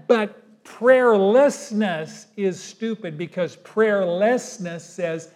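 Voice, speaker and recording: Preacher guy, kinda high voice, chatty folksy sermon style. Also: slow, darkish tone. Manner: folksy, conversational preaching with acted asides. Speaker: pastor.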